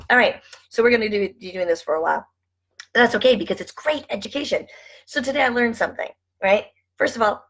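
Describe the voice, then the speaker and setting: A woman's voice: lowish voice, husky. A woman vlogger chatting casually to her viewers, reading aloud from a food book and asking "right?" over and over.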